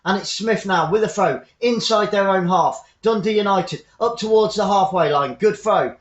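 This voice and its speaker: A man's voice: high voice, moderate pace. A man hosting a live fan football commentary stream, upbeat and chatty, greeting viewers by name. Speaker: football commentator and channel host. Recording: echoey room, dull lo-fi sound.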